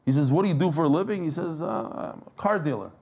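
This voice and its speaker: A man giving a lively Talmud class, telling stories and joking with the people in the room. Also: fairly high pitch, fast. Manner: animated, joking, mixes Yiddish and Hebrew terms. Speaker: daf yomi teacher. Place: class with live audience.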